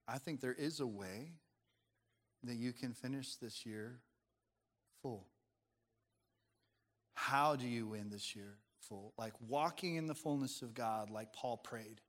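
A man gives a playful sermon in a sanctuary before a congregation, quizzing the room as he goes. His mid-range, fairly bright voice is slow and often pauses, and the hall's reverb rings long.

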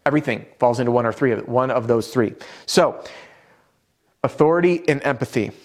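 A man with a voice of ordinary pitch gives a sales lesson straight to the viewer. He talks in an upbeat, direct coaching manner. Self-conscious chuckles sometimes break in between his points. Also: a little fast. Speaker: roofing sales trainer. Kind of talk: instructional video talk.

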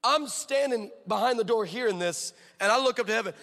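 A male pastor preaching a lively, storytelling sermon that swings between loud declarations and quiet asides, heard in an echoey hall. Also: high-pitched, a little fast.

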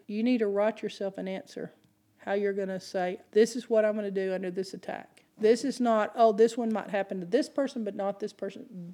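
A woman preaching a sermon, asking the congregation rhetorical questions and climbing in pitch and volume as she drives her points home. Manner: animated, rising in pitch and volume when stressing points.

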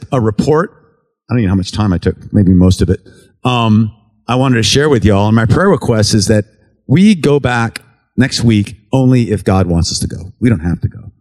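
An earnest American man tells a church congregation stories from his relief work, in a plain, conversational testimony style. His voice sits at a middle pitch for a man, and he slips into the voices of the people in his stories as he recounts their words. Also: darkish tone. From United States. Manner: earnest, conversational, acts out dialogue while telling stories. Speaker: relief worker giving a mission report to a church. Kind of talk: storytelling testimony talk.

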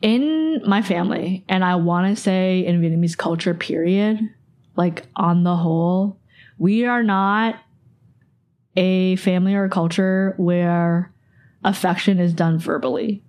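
Lowish-voiced young woman rambling casually. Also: unhurried, a little mellow. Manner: casual, rambling, heavy use of "like". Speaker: podcast host. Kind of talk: personal recollection podcast.

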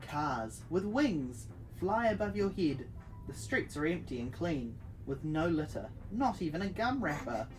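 A woman with a low voice reads an adventure book aloud. Her pitch swings widely, and her delivery is playful and giggly. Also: measured pace, recorded from a distance, faint music behind. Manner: giggly, animated storytelling. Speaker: host reading an adventure book. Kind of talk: playful read-aloud narration.

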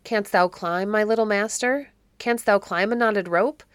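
Woman reading as a gruff loyal manservant. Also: mid-range voice, measured pace, dry recording, clean studio sound, lightly acted. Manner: gruff, blunt. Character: gruff loyal male servant, rough but kind.

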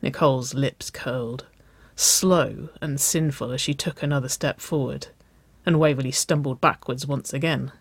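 A woman narrating a story aloud at a slow, steady pace. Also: extremely low pitch, slightly rough, dry recording.

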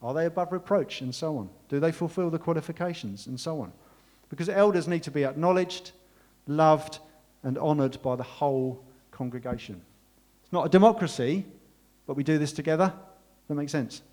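A man whose voice is on the high side speaks at normal speed as a pastor preaching a sermon. Earnest and warm, he thanks his congregation with emotion and then leads a closing prayer.

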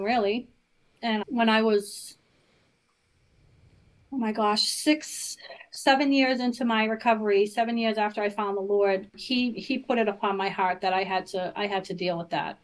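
A woman's voice: a little high, normal speed, low-quality recording. A middle-aged woman, telling her personal faith story as a podcast guest, earnest and full of fillers. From Boston area. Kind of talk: personal testimony in casual interview.

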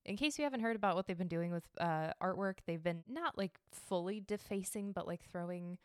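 A woman's voice: on the low side, fairly quick, smooth, no echo, studio quality. A young woman hosting an art and history podcast from her home, chatting casually, laughing at herself and swearing freely. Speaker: podcast host. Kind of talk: casual chat. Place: home decorated for holidays.

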